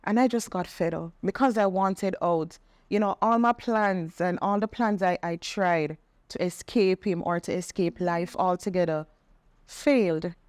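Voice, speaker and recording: A middle-aged woman, telling a personal testimony in conversation, earnest and animated when she quotes others. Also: lowish voice, measured pace, no echo. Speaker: podcast guest sharing testimony.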